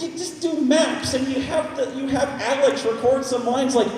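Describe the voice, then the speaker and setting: A man's voice: extremely high pitch, normal speed, a crowd in the background. A man hosting a live convention Q&A, ranting animatedly and swearing often. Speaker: convention panel host. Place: large convention hall. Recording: echoey hall, distant mic, audience.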